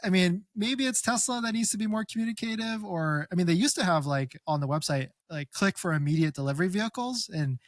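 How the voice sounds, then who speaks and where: Man, expert guest, quick animated explainer, slightly high voice, very dry close sound. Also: no room sound. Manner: animated, quick explainer who acts out customers. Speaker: Tesla buying expert guest. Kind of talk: casual conversational advice.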